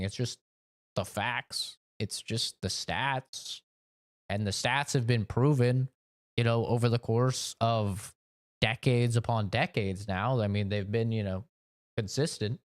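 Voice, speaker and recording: A man's voice: mid-range voice, expressive, a little slow. Rambling man streaming a game. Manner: rambling and opinionated, fillers like "you know", swears. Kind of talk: casual chat while streaming a game.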